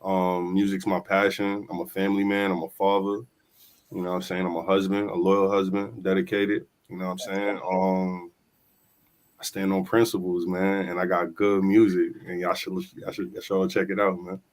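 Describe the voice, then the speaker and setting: A man speaking as a hip-hop artist guest on an interview show. He is laid-back and repeats himself often. His voice sits very low. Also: monotone, normal speed. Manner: laid-back, repeats himself, says "you know what I'm saying".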